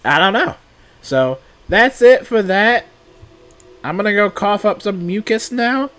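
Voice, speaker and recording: A man's voice: sits high, expressive, a little slow, fairly bright tone, soft background music. Congested man ranting about a game. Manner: exasperated, repeating himself. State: congested from a cold. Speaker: gaming YouTuber. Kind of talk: casual rant to camera.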